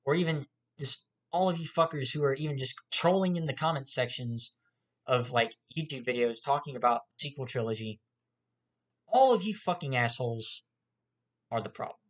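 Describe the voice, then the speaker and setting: A man's voice: mid-range voice, lively intonation, normal speed. A man ranting angrily to camera as a YouTuber, profane, heated and repetitive. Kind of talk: angry rant to camera.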